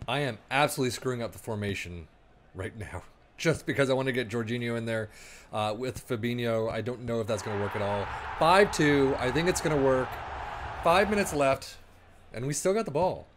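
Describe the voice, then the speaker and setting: A man casually commenting on his own football management game as he plays, thinking aloud and breaking into quick play-by-play. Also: medium pitch. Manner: chatty, rambling, thinks aloud, bursts into play-by-play. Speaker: gaming YouTuber.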